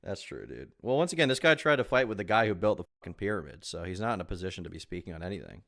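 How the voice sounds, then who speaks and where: A man's voice: sits low, very animated, very fast, vocal fry, fairly bright tone. A man streaming live reaction commentary on a video, talking in a sarcastic, crude and mocking way.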